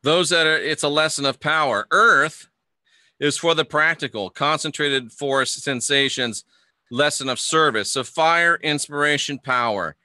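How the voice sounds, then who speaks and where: Teaching astrology in a casual livestream, this man has a slightly high voice, a sharp tone, and a measured pace. The audio is studio quality with no room sound. He chats with viewers, reads their comments out loud, and trips over words, then starts again.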